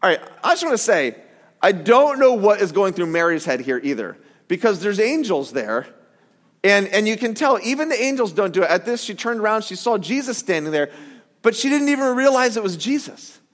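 High-voiced man preaching in a reverberant hall. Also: a little fast. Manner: conversational, animated, jokey asides. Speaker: pastor. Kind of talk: sermon.

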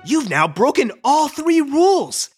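A woman's voice: high voice, very animated, unhurried, a little mellow, soft background music, pitched above the performer's own voice. Woman doing a haughty, scolding winged horse. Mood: disdainful. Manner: disdainful, scolding.

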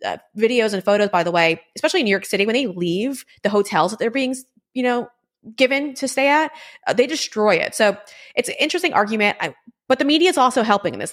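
A woman hosting a political commentary show, talking in a brisk, conversational way with many fillers. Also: medium pitch, fairly bright tone. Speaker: show host.

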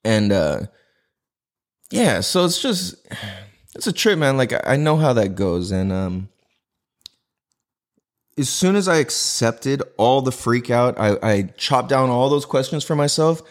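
Male podcast host, casual home monologue, lively swooping pitch, loose profane slang. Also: a little slow, long pauses. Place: indoors in a house. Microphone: podcast mic with cameras recording.

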